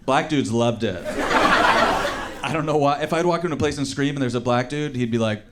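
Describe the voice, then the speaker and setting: Stand-up comic man, loud noisy room. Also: a little high, fast talker. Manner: animated storytelling with acted-out quotes. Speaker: stand-up comedian. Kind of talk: stand-up comedy set. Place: comedy show with live audience.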